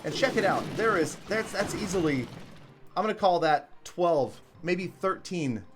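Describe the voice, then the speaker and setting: Excitable male game commentator, slightly high voice. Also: measured pace. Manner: excitable, chatty, thanks viewers by name. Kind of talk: live gameplay commentary, reading chat.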